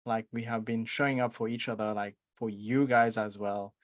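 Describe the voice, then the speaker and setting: A man's voice: on the low side, steady tone, normal speed, no room sound. A man co-hosting a casual podcast, chatting in a playful, loose way as he introduces the show. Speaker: podcast co-host, life coach.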